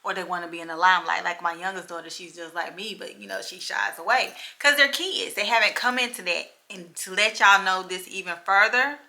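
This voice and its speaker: A woman's voice: on the low side, fairly quick, few pauses, pushed and bright. A woman medium talking casually and emphatically to her viewers, repeating her key points and checking in with them often. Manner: addresses viewers directly with frequent checks. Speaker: spiritual medium. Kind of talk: casual vlog monologue to viewers.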